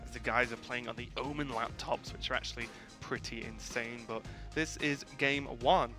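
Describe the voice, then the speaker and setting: A man casting a live esports match at a tournament venue, talking in quick, chatty play-by-play full of fillers. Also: medium pitch, fairly even intonation. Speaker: esports caster. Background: music.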